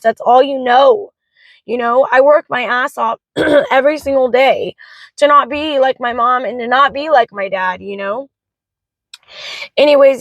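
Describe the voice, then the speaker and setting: In a dry, muffled recording, a vlogger who is a young mother of three pours out her feelings with plenty of swearing. Her voice sits a little high, and she speaks frankly in a rush.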